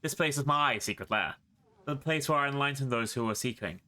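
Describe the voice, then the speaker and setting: A man's voice: mid-range voice, brisk, sharp tone, natural voice. A man voicing a scheming female cult priestess who mocks and taunts her enemies. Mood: gloating. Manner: mocking, taunting.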